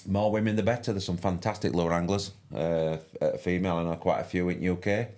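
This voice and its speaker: A man's voice: low voice, fairly even intonation, fast talker, darkish tone. An older man with a broad Yorkshire accent, chatting casually as a fishing commentator on a live stream, rambling with many restarts and fillers. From West Yorkshire, England.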